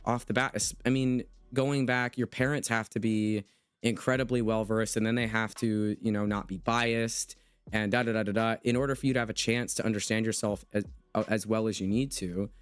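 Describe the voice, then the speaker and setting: A man's voice: on the low side, fairly even intonation, brisk, clear, resonant tone, no echo. A young man from the United States hosting a casual conversation, talking earnestly and with emphasis. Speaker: podcast host. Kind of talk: casual conversation, reading chat comments.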